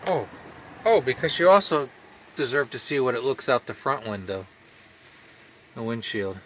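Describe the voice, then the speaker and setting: A man's voice: medium pitch, moderate pace, fairly bright tone, a little hiss or hum. A man chatting casually in a cooking vlog from inside his RV, upbeat and laughing often. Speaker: RV vlogger.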